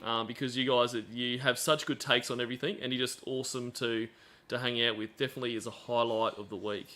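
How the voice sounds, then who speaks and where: A man hosts a stream with chatty, sarcastic commentary full of fillers. His voice is bright and forceful, at a middle pitch. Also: little pitch movement, fast talker. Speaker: stream host. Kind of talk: live commentary on played calls.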